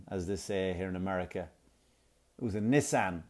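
A man's voice: mid-range voice, normal speed, a little mellow. A comedian chatting casually to his viewers, telling a rambling, profane story with asides, sounding like he has a cold.

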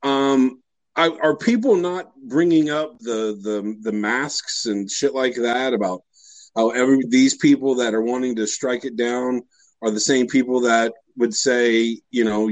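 A man's voice: mid-range voice, unhurried, dry recording, poor audio. A man co-hosting a casual podcast chat, rambling and profane, with a sarcastic edge.

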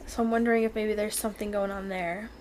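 A woman's voice: mid-range voice, fairly even intonation, fast talker, darkish tone, slight background noise. A woman co-hosting a book club podcast in casual chat. She is playful and jokey and laughs easily.

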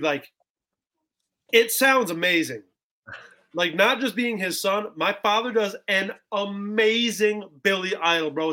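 A young man in his twenties with a high, bright voice. He chats excitably as a podcast guest and scatters "bro" and "like" everywhere. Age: 20s. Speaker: guest musician. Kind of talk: casual podcast chat.

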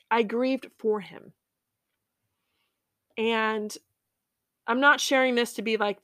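A woman hosting a podcast, sharing a personal faith reflection in an earnest, heartfelt way, with pauses and fillers. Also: mid-range voice, a bit bright, no room sound, clean studio sound. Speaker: podcast host.

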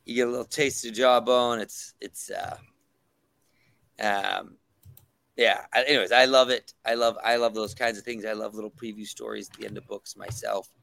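A man's voice: on the low side, steady tone, normal speed, vocal fry, a bit bright. A man, a comic creator, talking enthusiastically about his project as a podcast guest, with lots of ums and restarts. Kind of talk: casual podcast chat.

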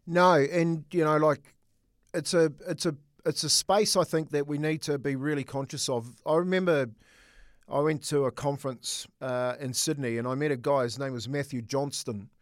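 A middle-aged man, a former coach, telling a personal story in casual sports chat with earnest, halting repeats. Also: a little high, steady tone, no room sound, studio quality. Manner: earnest, storytelling, repeats words while thinking. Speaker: former rugby league coach, co-host.

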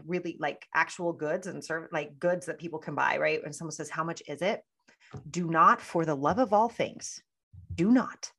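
A woman business mentor, a guest on a podcast interview, giving advice in an emphatic, animated, playful coaching tone. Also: mid-range voice.

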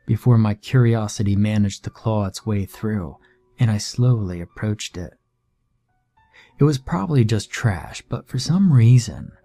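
Slow, husky male horror narrator. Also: fairly low pitch, dark tone. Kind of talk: scripted horror story narration.

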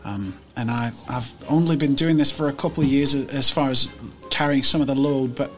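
A man playing a sturdy eleven-year-old farm boy, with a put-on northern English accent and a slow, drawn-out way of telling things. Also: medium pitch, a bit bright, faint music behind, natural voice. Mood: weary.

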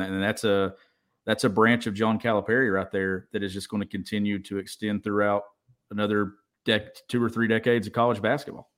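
A man's voice: fairly low pitch, fairly bright tone. A man co-hosting a podcast, speaking in a plain, matter-of-fact way. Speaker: podcast co-host. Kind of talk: casual interview.

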